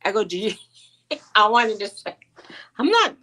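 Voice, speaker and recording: A woman's voice: mid-range voice, steady tone, normal speed, bright, forceful tone, low-quality recording. A middle-aged woman co-hosting a casual live-stream chat, telling rambling stories and quoting the people in them. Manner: chatty storyteller, quotes people in her stories. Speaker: co-host.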